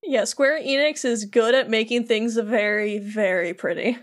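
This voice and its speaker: A woman's voice: fairly high pitch, unhurried. A woman co-hosting a podcast, chatting casually and recapping a game, with a chatty manner and casual swearing. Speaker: podcast co-host.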